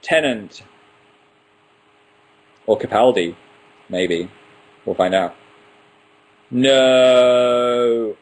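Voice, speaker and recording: A man's voice: lowish voice, moderate pace, rough recording. A man in his twenties hosting a casual live stream, reading out viewer questions and answering them one by one with playful asides. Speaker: livestream host.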